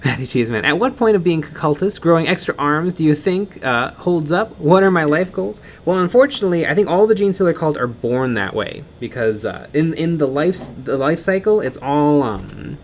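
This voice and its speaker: A man's voice: on the high side, lively intonation, normal speed, hardly any pauses, slight background noise. Rambling joking man on a painting stream. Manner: rambling, joking, with fillers and restarts. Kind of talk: casual chat while painting, reading chat comments.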